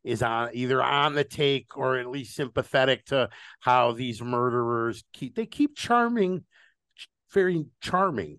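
A man's voice: medium pitch, lively intonation, measured pace, fairly bright tone, smooth, dry recording, studio quality. A man hosting a podcast in casual chat, frank and opinionated with a wry edge. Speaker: podcast host.

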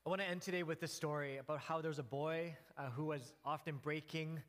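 A man preaching a sermon, telling a story in an earnest way, pausing and restarting as he goes. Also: a little high, fairly even intonation, fairly bright tone. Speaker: pastor. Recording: long hall reverb.

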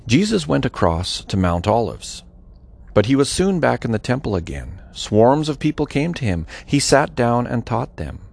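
Male reader for scripture audio, gravelly texture, lively melodic reading, dramatic delivery. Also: medium pitch, moderate pace. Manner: dramatic, varied delivery with voiced quotes.

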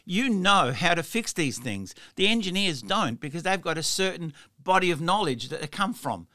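A man hosts a podcast interview in a loose, rambling way, often restarting his sentences. His voice is bright and sits a little high for a man. The sound is dry and close, with no room around it. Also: sing-song, moderate pace, no echo. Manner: rambling, with many restarts and fillers. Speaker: podcast host. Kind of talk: interview chat.

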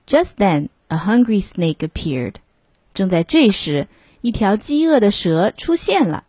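A woman reading a children's storybook aloud, line by line in two languages, clearly and expressively. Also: mid-range voice, very animated, a little slow, darkish tone, no room sound. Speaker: storybook reader.

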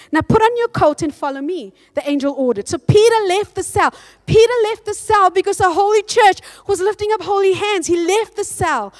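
High-voiced woman preaching a sermon. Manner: lively preaching, reads scripture aloud and acts out quotes. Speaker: pastor.

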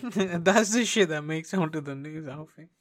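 A man's voice: on the high side, expressive, moderate pace, a little hiss or hum. A young man from the UK co-hosting a podcast, with crude, teasing, sweary casual banter. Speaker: podcast co-host.

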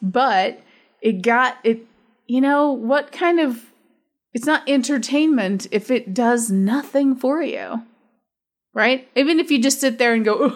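Woman co-host, casual movie chat, talkative, laughs easily. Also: a little high. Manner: chatty, laughs often, thinks aloud. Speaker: podcast co-host.

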